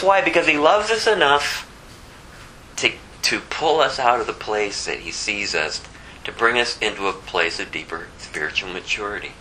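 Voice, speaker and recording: A man's voice: mid-range voice, pushed and bright, slight background noise, low-quality recording. A man preaching a conversational sermon, asking rhetorical questions and restarting phrases often. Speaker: pastor.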